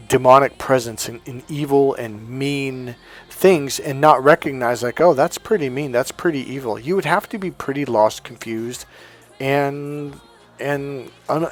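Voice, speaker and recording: With a mid-range voice, a man speaking as a coach gives a casual spiritual monologue. He is animated and self-assured, often laughing at his own points.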